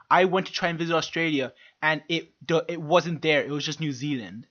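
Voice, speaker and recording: Excitable, swearing podcast co-host, a man with a slightly high voice on a dull lo-fi mic. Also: fairly quick, hardly any pauses. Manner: excitable, swears often, laughs a lot. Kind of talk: casual chat.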